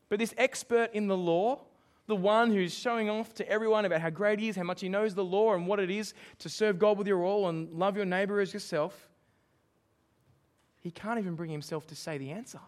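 High-voiced man preaching a sermon. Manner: emphatic, asks the congregation questions.

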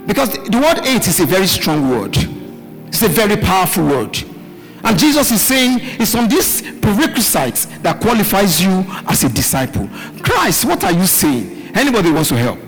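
A male pastor preaching a live midweek sermon, calling out questions for the congregation to answer and shouting key words. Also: high-pitched, sing-song, normal speed. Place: church hall with live congregation. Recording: live hall recording, reverb, faint music.

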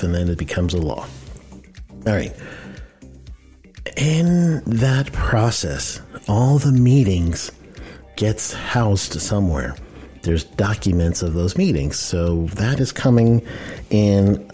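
A man with a low, mellow voice hosts a podcast on workplace safety compliance. He explains the rules loosely and conversationally, using fillers and correcting himself as he goes, in a casual explainer style.

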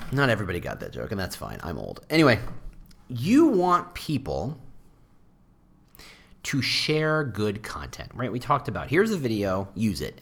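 Lively man riffing on hiring. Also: breathy edge. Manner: animated, jumps into high mock voices for quotes; wry asides, self-deprecating. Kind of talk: casual monologue on employer branding.

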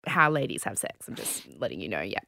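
A bright-voiced woman co-hosting a podcast, enthusiastic and quick to laugh. Her pitch jumps around animatedly, a little high, in a close, dry sound. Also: big pitch swings, gravelly, dry recording. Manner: enthusiastic, chatty, quick to laugh, crude jokes. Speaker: podcast co-host. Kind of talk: casual chat.

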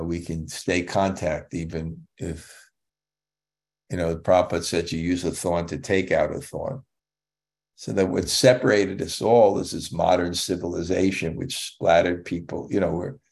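Older male teacher with a lowish voice, greeting students over a video call, loose and rambling. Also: gravelly. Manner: warm, rambling, with many restarts and "you know". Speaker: spiritual teacher answering students. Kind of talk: casual talk with students after a class.

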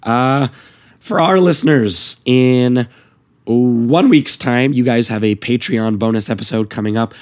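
A man hosting a podcast in casual chat, his voice hoarse and worn out. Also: mid-range voice, a little slow. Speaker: podcast host.

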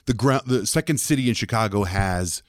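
Man in his fifties, deep voice, rapid animated storyteller, dry close sound. Southwestern US. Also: no echo. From southwestern United States. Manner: animated, acts out quoted voices. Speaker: interview guest, radio personality. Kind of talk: conversational storytelling.

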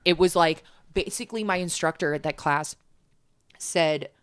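Low-voiced chatty woman. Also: normal speed, clean tone, dry recording, studio quality. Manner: chatty, lots of fillers and restarts. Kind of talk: casual chat.

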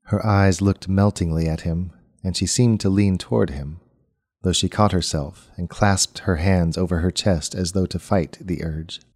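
A man reading a story aloud as narrator, in a measured, unhurried storytelling manner. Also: low-pitched, steady tone, darkish tone. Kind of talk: scripted audiobook narration.

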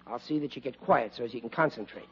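A man's voice: medium pitch, fast, a little hiss or hum, lightly acted. An actor playing a blustering, bumbling working-class father in a 1940s radio comedy, stammering when flustered, on a lo-fi old broadcast.

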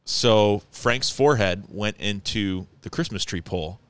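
A man with a lowish, smooth, resonant voice tells a story in casual conversation. He rambles and restarts, grows animated as the story builds, and laughs along the way. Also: unhurried. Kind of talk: casual chat, telling a story.

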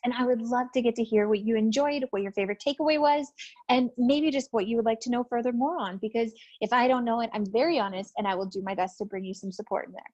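A woman's voice: a little high, a little mellow. A woman delivering a scripted podcast outro in a chirpy, friendly way. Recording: dull lo-fi sound.

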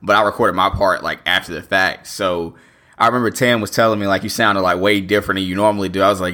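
A man's voice: sits low, steady tone, fast, sharp tone. A man co-hosting a fan podcast, chatting in a laid-back way, full of "like" and little laughs. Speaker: podcast co-host. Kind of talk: casual chat.

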